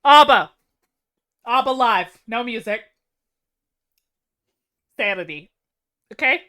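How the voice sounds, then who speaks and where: A woman streaming live from home, talking with her chat in a relaxed, unhurried way. Her voice sits high. She is wry and self-mocking and slips into laughter often.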